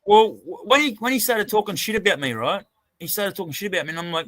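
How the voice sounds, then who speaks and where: An Australian man hosting a casual livestream, spinning sweary yarns full of false starts. His voice is bright and sits a little high, and it comes through dry and close. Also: quick pace, no room sound. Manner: sweary, rambling storyteller with many restarts. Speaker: livestream host.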